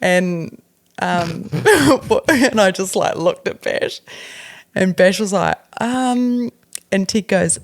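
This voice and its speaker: A woman's voice: medium pitch, animated, slow pace, no echo, clean studio sound. A woman, co-hosting a podcast and telling a family story in a frank, laughing way. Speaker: podcast co-host. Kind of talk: casual chat.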